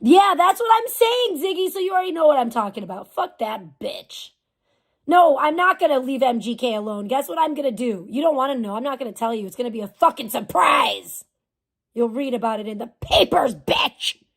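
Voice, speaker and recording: A woman's voice: sits high, vocal fry. A woman livestreamer chatting casually and ranting with lots of profanity while reading and answering chat messages. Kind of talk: casual live stream chat.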